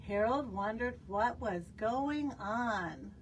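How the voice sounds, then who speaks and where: A woman reading a picture book aloud for young children, expressive and asking them questions. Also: a little high, slow pace, recorded from a distance, slight background noise. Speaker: children's storyteller. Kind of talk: storytime read-aloud.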